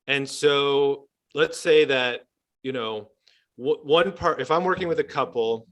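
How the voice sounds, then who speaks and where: A man who works as a couples therapist, explaining his approach in a podcast interview in a measured way, with fillers and restarts. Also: mid-range voice, fairly bright tone.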